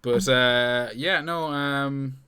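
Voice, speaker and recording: A man's voice: medium pitch, drawn-out words, pushed and bright, clean tone. A young man co-hosting a podcast, rambling, joking and swearing in casual banter. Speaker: podcast co-host.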